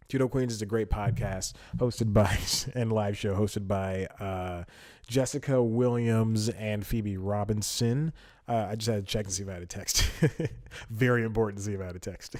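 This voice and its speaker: A man's voice: lowish voice, darkish tone. A man hosting a solo podcast in casual commentary, chatty, thinking aloud and laughing often. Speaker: podcast host.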